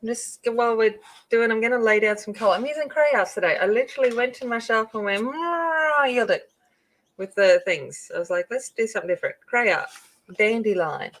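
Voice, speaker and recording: A middle-aged Australian woman hosts a live coloring stream, chatting casually, greeting viewers by name and rambling through asides. Her fairly high voice is brisk, and the recording is low quality.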